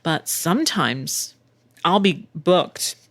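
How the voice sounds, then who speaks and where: A woman's voice: lowish voice, lively intonation, takes it slowly, no room sound. A middle-aged woman hosting a casual solo podcast, chatty and candid, swearing freely with wry asides. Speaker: podcast host and voice actor.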